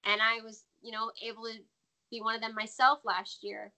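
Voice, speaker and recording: An American woman talks as a guest in a relaxed interview. Her voice sits a little high and sounds bright and clear. She is animated and laughs easily. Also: normal speed. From United States. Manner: chatty, laughs often, animated. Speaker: guest, former wrestler. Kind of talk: casual interview chat.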